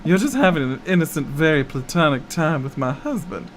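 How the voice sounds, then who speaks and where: A man's voice: a little high, very animated, a little fast, fairly bright tone, slight background noise. A man voicing a sarcastic, jealous wife who speaks in snide, passive-aggressive jabs.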